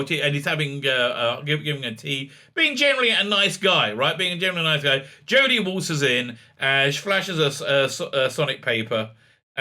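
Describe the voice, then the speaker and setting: A man's voice: fairly high pitch, sharp tone. A middle-aged man reviewing a TV episode in a rambling, sarcastic way, full of uhs and restarts. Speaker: show recap reviewer. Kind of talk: casual review commentary.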